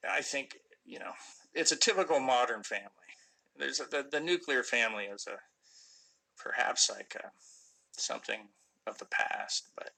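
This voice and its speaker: A middle-aged actor chatting casually on a phone live stream, answering fan questions with lots of ums and restarts. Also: male voice, mid-range voice, creaky, pushed and bright, rough recording. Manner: rambling, many fillers and restarts.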